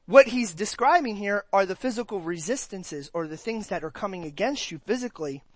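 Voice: medium pitch, no echo. A pastor preaching a conversational sermon to a church, asking the congregation questions and acting out their reactions. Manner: animated, acts out listeners' reactions in quick put-on voices.

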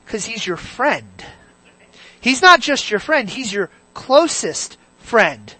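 Animated preacher full of rhetorical questions. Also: medium pitch, slow, husky, dry recording. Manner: animated, fires rhetorical questions at the congregation, swings between loud and hushed. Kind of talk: sermon.

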